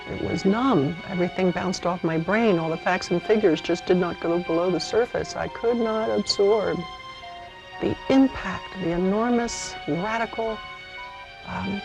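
Gravelly woman in her fifties, reflective. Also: fairly low pitch, low-quality recording. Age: 50s. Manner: reflective, measured, hesitant fillers. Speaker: narrator. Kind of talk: personal testimony narration. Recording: music bed under the voice.

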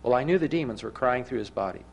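A man preaching a sermon, telling a story with animated, emphatic rises and frequent restarts. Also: mid-range voice, quick pace, vocal fry, husky.

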